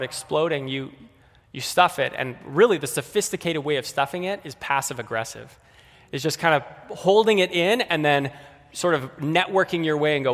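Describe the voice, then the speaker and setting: A man's voice: fairly high pitch, a bit bright. Man preaching in a reverberant hall. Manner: conversational, addressing kids and adults directly. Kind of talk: sermon.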